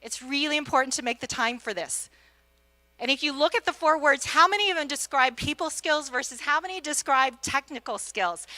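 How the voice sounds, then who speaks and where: A woman's voice: high voice, dry recording. A middle-aged woman, an executive coach, giving a motivational conference talk, telling stories with energy and acting out quotes as she speaks to the audience. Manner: energetic storyteller, acts out quotes, addresses audience directly. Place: conference stage.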